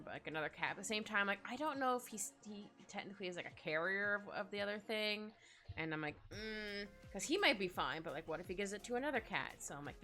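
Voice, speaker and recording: An art streamer chats casually while drawing from her home streaming setup, rambling and giggling as she reads and responds to her chat. Her voice is lowish, pushed, and bright, with faint music in the background.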